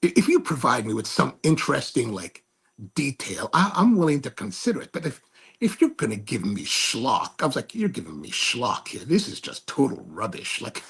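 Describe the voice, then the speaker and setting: A man's voice: mid-range voice, big pitch swings, moderate pace, gravelly, a bit bright, husky. A man hosting his own show, telling a rambling, snarky story with many restarts. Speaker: host. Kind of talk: casual monologue.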